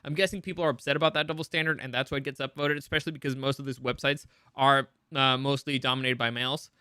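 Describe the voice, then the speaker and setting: Bright, crisp-voiced man rambling. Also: mid-range voice, little pitch movement, fast, dry recording, clean studio sound. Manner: rambling, many restarts and opinionated asides. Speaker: entertainment news host. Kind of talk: casual news commentary.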